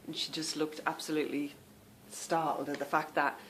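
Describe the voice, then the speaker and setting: A woman's voice: low voice, level tone, moderate pace, a bit bright, a little hiss or hum. A woman hosting a podcast, chatting casually at home and calling her listeners "girl" and "girlies". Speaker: podcast host. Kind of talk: casual chat.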